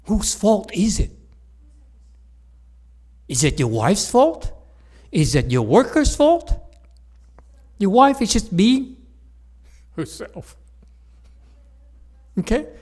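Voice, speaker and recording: A man giving a teasing dharma lecture in a Buddhist hall, laughing often, repeating himself, and moving from soft asides to loud emphasis. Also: high voice, sing-song, slow pace, pauses often.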